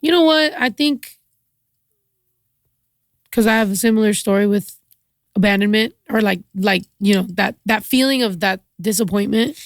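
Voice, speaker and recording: A woman's voice: mid-range voice, moderate pace, pauses often, dry recording, studio quality. A woman from Mexico, a podcast guest, talking casually and sympathetically with many fillers. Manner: sympathetic, warm reactions, lots of fillers. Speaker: guest, musician. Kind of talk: casual chat.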